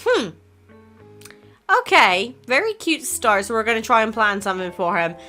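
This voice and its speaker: Reading the story aloud, reacting and chatting, a female gaming channel host plays through a casual game at a moderate pace. She sounds a little high, bright and forceful, with big pitch swings, and soft music plays underneath.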